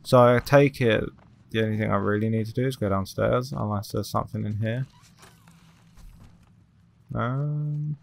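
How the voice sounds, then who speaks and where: A man with a Southern English accent and Australian slips, chatting excitably through a game and swearing a lot. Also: on the low side, moderate pace, vocal fry, long pauses. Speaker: let's play host. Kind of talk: casual gameplay commentary.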